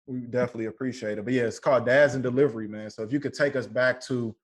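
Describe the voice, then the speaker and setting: A man's voice: mid-range voice, steady tone. A man hosting a podcast, asking questions in a laid-back, casual way. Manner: fast, laid-back, says "man" often. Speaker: podcast host.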